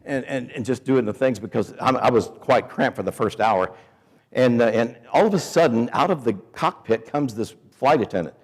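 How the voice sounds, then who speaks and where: A man preaching at a school gathering, telling a comic story in a playful, animated way and acting out the people in it. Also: mid-range voice, moderate pace. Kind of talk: sermon told as a comic story. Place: school chapel or auditorium. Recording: echoey hall.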